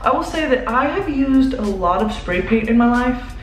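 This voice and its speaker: A woman's voice: fairly high pitch, lively intonation, normal speed, faint music behind. Chatty young woman in an echoey room. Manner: chatty, explaining as she works. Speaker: home makeover vlogger. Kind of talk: casual vlog narration. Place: indoors in a room being painted at home.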